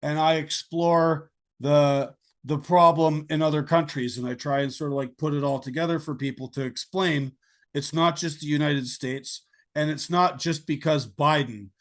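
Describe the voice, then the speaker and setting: A man's voice: on the high side, steady tone, moderate pace. A man from Canada hosting a podcast interview, blunt and opinionated as he talks. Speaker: podcast host. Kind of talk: conversational interview.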